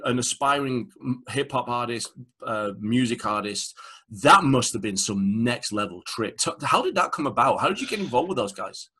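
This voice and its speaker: A man with an English accent hosting a casual interview, animated and quick to laugh as he retells stories. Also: mid-range voice, slightly rough. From England. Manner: animated storyteller, laughs often, acts out quotes. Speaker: podcast host.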